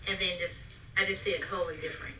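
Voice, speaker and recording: Bright and forceful, with a low-leaning voice, fairly even intonation and a quick pace, a mother shares parenting stories about her daughter in a casual, animated family chat, acting out her own lines. The mic is distant in an echoey room.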